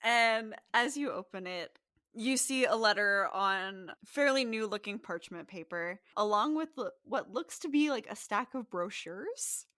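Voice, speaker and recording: A woman's voice: mid-range voice, expressive, measured pace, bright, forceful tone, no room sound, studio quality. A woman narrating a tabletop game as game master, chatty and laughing as she goes.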